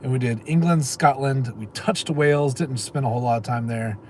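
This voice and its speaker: A man's voice: mid-range voice, moderate pace, a little mellow, a little hiss or hum. A middle-aged man, hosting a livestream in a rambling casual chat and answering comments from viewers. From Texas. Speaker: livestream host.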